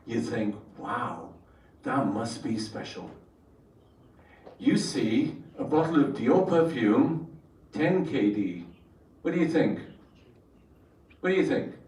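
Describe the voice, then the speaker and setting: A male trainer speaks to entrepreneurs at a workshop, drawing the room in with questions. His mid-pitched voice echoes around the space and sounds a little distant from the mic. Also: expressive, slow pace, long pauses, a little mellow. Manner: engaging, asks the audience questions. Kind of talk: storytelling workshop talk to entrepreneurs.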